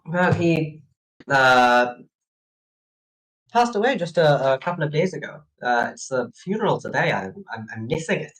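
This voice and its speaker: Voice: medium pitch, sing-song, normal speed, fairly bright tone, low-quality recording. A player voicing a flustered, evasive male professor who stammers and hesitates. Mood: hesitant. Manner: hesitant, full of stammers and fillers.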